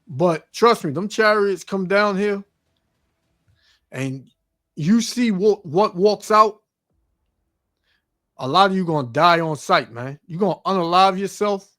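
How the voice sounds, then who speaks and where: A man's voice: high voice, measured pace, long pauses, fairly bright tone, dry recording, clean studio sound. A man preaching over news clips, reading scripture aloud, stammering on fillers and ending his phrases with "man". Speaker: street preacher.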